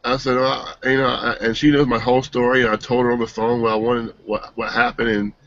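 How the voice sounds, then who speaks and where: A man giving an earnest, emotional personal testimonial, halting and restarting as he speaks. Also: mid-range voice, little pitch movement, a bit bright, no room sound. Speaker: team member giving a testimonial. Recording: dull, dry lo-fi sound.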